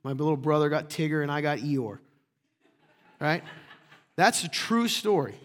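A middle-aged man preaching a sermon as a pastor, passionate and emphatic, often rising into loud bursts. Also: fairly high pitch, animated, moderate pace.

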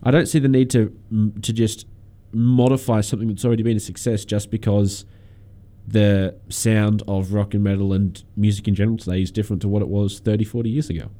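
A man's voice: fairly low pitch, flat delivery, brisk, dark tone. A young man co-hosting a casual radio music show, giving long opinionated takes. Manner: opinionated, talks at length. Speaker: radio co-host.

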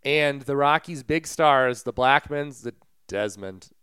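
This is a man co-hosting a sports podcast in a loose, chatty way. His voice is very clean and smooth. The sound is close and dry, with no room around it. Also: medium pitch, slow, pushed and bright, no echo. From Colorado. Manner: conversational, retells stories with asides and fillers. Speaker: podcast co-host. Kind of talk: casual sports podcast chat.

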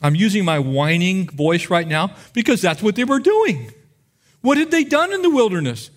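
A male pastor preaching a sermon, telling Bible stories in an animated way and acting out the people in them. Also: sits high, normal speed. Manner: animated storytelling, acts out biblical figures.

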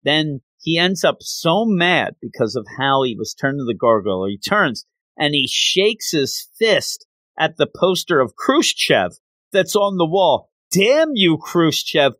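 Brief: man retelling a comic book plot, lively swooping pitch, dry close sound. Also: no room sound. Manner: animated, acts out characters, quick asides.

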